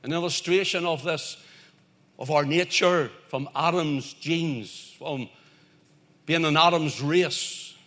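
A man's voice: fairly high pitch, slow, a bit bright. A man preaching a sermon, emphatic and repetitive, building his points in lists.

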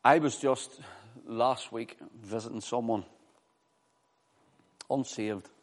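Guy preaching, gets loud and animated, repeats himself a lot, mid voice, long echo in the hall. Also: medium pitch, slow. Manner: animated, repeats words, acts out quoted voices. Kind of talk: sermon. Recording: reverberant hall.

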